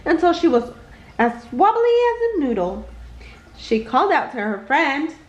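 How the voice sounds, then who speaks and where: A woman reading a children's picture book aloud at bedtime, with an expressive delivery that leaps upward for the characters' lines. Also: sits high, normal speed, roomy sound, rough recording. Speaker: storybook reader.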